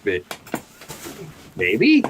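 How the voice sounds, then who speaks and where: A man's voice: fairly low pitch, huge pitch swings, very slow, fairly bright tone, muffled recording, slight background noise. A man playing in a tabletop game, thinking aloud and correcting himself as he plans. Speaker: player. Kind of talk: casual chat at a tabletop game.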